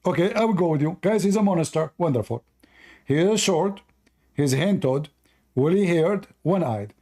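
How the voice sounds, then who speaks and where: A man's voice: on the high side, animated, normal speed, mellow. A man hosting a heated live debate, arguing hard, interrupting and repeating himself, and losing his voice. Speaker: host.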